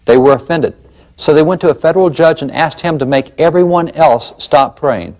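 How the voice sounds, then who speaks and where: A man's voice: a little high, moderate pace, a little mellow. A man presenting a documentary lecture, emphatic and fond of rhetorical questions.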